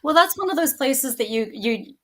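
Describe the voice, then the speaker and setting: A middle-aged woman, an English language teacher, chatting as a guest on a podcast and telling lively stories about her classroom. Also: high voice, normal speed. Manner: lively storyteller who acts out her students. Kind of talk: podcast interview conversation.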